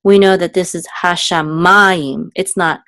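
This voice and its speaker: A woman's voice: steady tone, fairly bright tone, no echo. Patient woman tutoring in a dry room. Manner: patient, explains step by step, often checks with "okay?"; sings syllables higher and slower as examples. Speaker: Hebrew cantillation teacher. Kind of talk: casual one-on-one tutoring.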